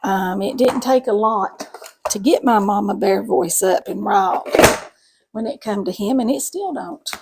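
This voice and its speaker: A woman's voice: mid-range voice, measured pace, very noisy. A middle-aged woman, chatting folksily to viewers while cooking in her home kitchen. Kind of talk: casual cooking chat to camera.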